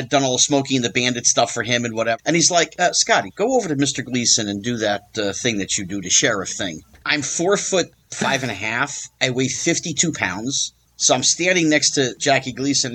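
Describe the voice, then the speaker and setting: A man's voice: medium pitch, brisk, hardly any pauses, slightly rough. A man telling an anecdote as an interview guest, acting out the voices of the people in it. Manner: lively, acts out quoted voices. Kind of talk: animated storytelling anecdote.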